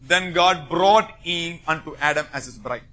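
A man preaching a sermon, emphatic and rising into forceful bursts. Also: fairly high pitch, measured pace.

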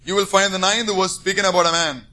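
Male preacher, high bright voice, emphatic sermon delivery. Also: steady tone, fast talker. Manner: emphatic, rising to forceful bursts.

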